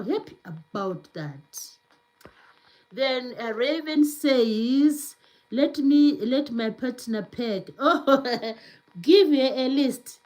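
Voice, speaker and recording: A woman's voice: a little high, a little mellow. A woman hosting a live stream in a casual, cheerful way, reading out viewer comments and often repeating her words. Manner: cheerful, effusive, repeats phrases.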